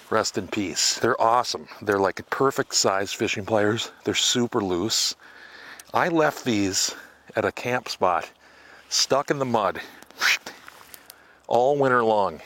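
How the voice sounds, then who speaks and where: A man's voice: fairly low pitch, a bit bright. A man talking casually to the camera while fishing and cooking outdoors in the woods, joking and mocking himself. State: out of breath at times. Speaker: outdoor vlogger. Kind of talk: casual outdoor vlog talk.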